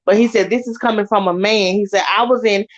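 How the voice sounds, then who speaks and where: Woman co-host, casual and hesitant, mid-pitched voice, muffled lo-fi recording. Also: quick pace. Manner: relaxed, hesitant, many "you know" fillers. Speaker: co-host reading viewer comments. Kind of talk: casual chat. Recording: muffled lo-fi audio.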